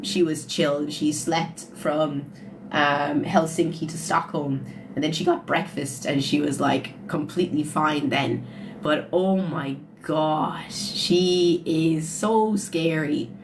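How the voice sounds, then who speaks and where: A woman's voice: deep voice, background noise. A young woman tells a story to her live chat on a phone. She talks casually and with animation, laughs often, and ends many sentences with "like". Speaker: livestreamer.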